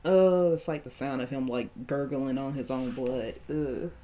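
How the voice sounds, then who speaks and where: A woman's voice: a bass voice, a little slow, mellow. A woman hosting a horror game playthrough, reading the text aloud and reacting with shocked exclamations and nervous laughs. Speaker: gaming channel host. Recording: game playthrough with music behind.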